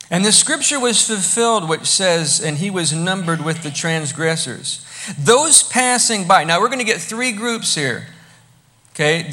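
A man preaching a sermon, emphatic, moving between quiet asides and loud bursts. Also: a little high. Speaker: pastor.

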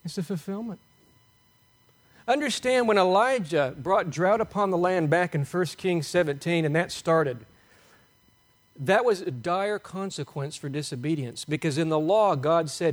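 A man preaching a sermon, animated and emphatic, asking the congregation rhetorical questions. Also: fairly high pitch, unhurried. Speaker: pastor.

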